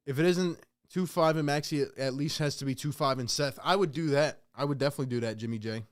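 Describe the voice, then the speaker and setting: Exasperated fan calling a game live. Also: male voice, a little high, brisk, smooth. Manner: exasperated, venting at referees and talking to the chat. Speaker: host of a live play-by-play reaction stream. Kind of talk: casual live play-by-play commentary.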